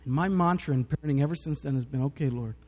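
Rapid-fire and a little mellow, this slightly high male voice belongs to a pastor telling personal stories in a jokey, conversational sermon with frequent chuckles. Everything sounds muffled and dull, drenched in long reverb.

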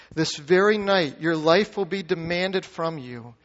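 A man's voice: on the high side, lively intonation, measured pace, hardly any pauses, fairly bright tone. A man preaching a sermon as pastor, reading scripture aloud and asking the congregation questions. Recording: muffled sound with long hall reverb.

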